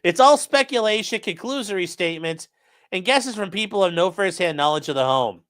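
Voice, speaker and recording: A man's voice: high-pitched, animated, fairly quick, fairly bright tone. A man hosting his channel, mocking a court filing in profane, incredulous commentary and talking to his live chat. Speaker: channel host.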